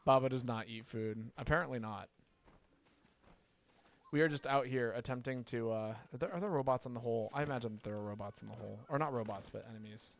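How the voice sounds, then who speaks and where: A man's voice: mid-range voice, quick pace, gravelly. Chatty swearing man streaming a game. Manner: chatty and rambling, swears, reacts loudly to surprises. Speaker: streamer playing a video game. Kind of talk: casual livestream commentary.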